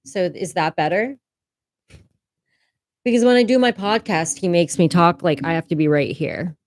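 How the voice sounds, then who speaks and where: Streaming casually from a room at home, a woman with a lowish voice talks at a moderate pace, candid and often laughing, with casual swearing. The sound, from a desk microphone, has no echo.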